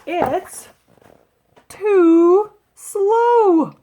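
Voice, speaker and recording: A woman's voice: fairly high pitch, animated, a little slow, dark tone, dull audio. A woman reading a children's story aloud, voicing a confident young girl in a plucky, matter-of-fact way.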